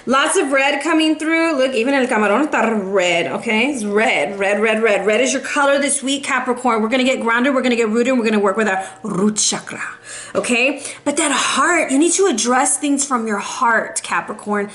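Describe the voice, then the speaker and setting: A woman doing a casual tarot reading for viewers, playful and lively, calling listeners baby and dropping in Spanish phrases. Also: on the high side, normal speed. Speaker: tarot reader.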